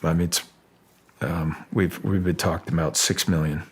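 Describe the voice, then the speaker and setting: Man, guest, husky, lower voice, halting then animated. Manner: halting, many restarts, gets animated telling stories. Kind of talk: casual interview talk.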